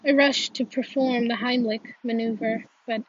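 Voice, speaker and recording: A woman's voice: a little high, steady tone, normal speed, slightly rough, no echo. A woman reading a first-person novel aloud in an earnest, emotional way, often restarting her words, on a dull lo-fi recording. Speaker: audiobook reader.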